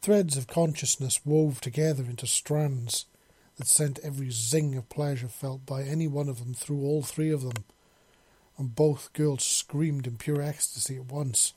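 Husky-voiced male story narrator. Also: medium pitch, fairly even intonation, a little slow, dark tone. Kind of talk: audiobook reading of a fan novel.

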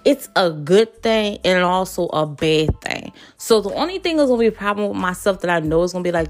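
Young woman, podcast host, casual monologue, outspoken, swears freely, rambling. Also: lowish voice. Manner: blunt, profane, outspoken; loose and rambling, lots of fillers.

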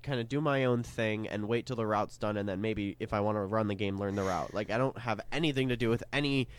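A man's voice: fairly low pitch, fast talker, slight background noise. A young man co-hosting a podcast in casual chat, talking hesitantly with many fillers and restarts. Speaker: podcast co-host.

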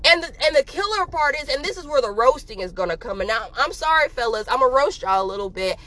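A woman's voice: high-pitched, lively intonation, fast talker, pushed and bright, poor audio. A young woman ranting casually and bluntly to her viewers, swearing freely and filling her talk with "like". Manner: profane, blunt, heated, lots of "like" fillers. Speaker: vlogger.

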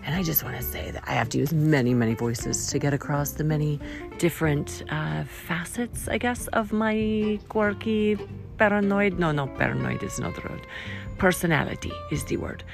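A woman hosts her own podcast with a low, easygoing voice. She talks in a playful, quirky way, leaping between loud cheering and hushed asides. Faint music sits softly behind her. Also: fairly quick, vocal fry. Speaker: podcast host. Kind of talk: upbeat solo podcast talk.

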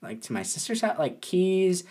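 A young man casually telling a story, animated and often laughing. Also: high voice, moderate pace.

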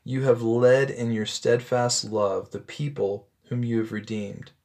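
A man reading a Bible passage aloud and stopping to explain it in a relaxed, conversational way, with frequent ums and self-corrections. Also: mid-range voice, measured pace. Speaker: Bible teacher. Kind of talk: scripture reading with commentary.

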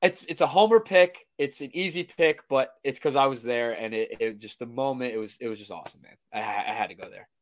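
Excitable young man, stammering sports chat. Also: medium pitch, fairly quick, hardly any pauses. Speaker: podcast co-host.

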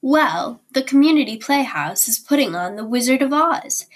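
Brief: woman reading an eager twelve-year-old girl, storybook read-aloud, raised pitch. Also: animated, normal speed. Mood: excited.

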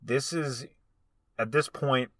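A man in his thirties hosts a casual sports podcast and keeps the talk moving in a relaxed way. His mid-pitched voice is bright and crisp. The recording is dry and close. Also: slow, no room sound. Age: 30s. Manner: relaxed, runs the segments, laughs easily. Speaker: podcast host.

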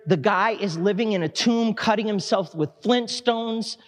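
A man preaching a sermon in a church, impassioned but conversational, with quick asides to the congregation. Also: high voice. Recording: long hall reverb.

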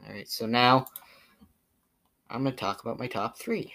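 A man's voice: mid-range voice, moderate pace, sharp tone. A teenage boy with a Boston accent, rambling through his pet peeves in a casual, filler-heavy monologue, mildly exasperated. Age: teens. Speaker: vlogger.

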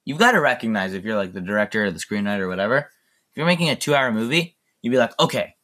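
A man's voice: on the low side, sing-song, fast talker, sharp tone. A young man hosting a solo podcast, chatting enthusiastically and rambling with lots of fillers. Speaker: podcast host. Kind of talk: casual solo podcast chat.

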